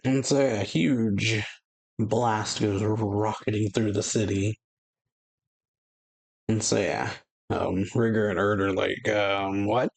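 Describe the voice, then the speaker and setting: Low-voiced guy with a gravelly edge rambling through a manga chapter recap, lots of "and so yeah". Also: takes it slowly, long pauses. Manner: rambling, many "and so, yeah" fillers; reads characters' lines in a flat recap voice. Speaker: anime reaction channel host.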